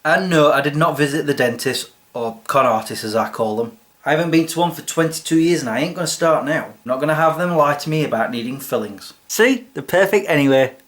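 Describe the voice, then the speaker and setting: A man's voice: on the high side, lively intonation, brisk, a bit bright. A man hosting his own comedy vlog, talking in a sarcastic, chatty way. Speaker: vlogger host.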